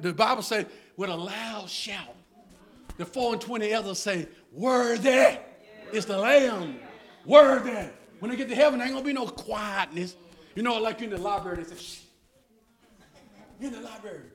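High-voiced older preacher hollering. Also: male voice. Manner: hollering, playful, call-and-response with the congregation. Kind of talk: lively church sermon. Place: church hall with congregation. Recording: echoey church room with crowd noise.

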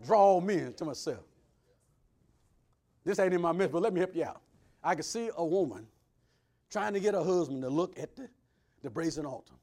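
A man preaching a sermon, swinging between loud preaching and hushed asides. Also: a little high, expressive, moderate pace, long pauses. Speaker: pastor.

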